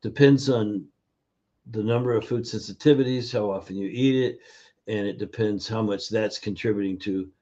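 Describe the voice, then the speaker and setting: A man's voice: fairly low pitch, mellow. A man being interviewed as a nutrition educator, telling stories with many fillers and acting out the people in them. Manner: storytelling, acts out quoted voices, halting with fillers. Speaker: functional nutrition educator, guest. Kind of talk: casual interview over video. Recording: dull lo-fi sound.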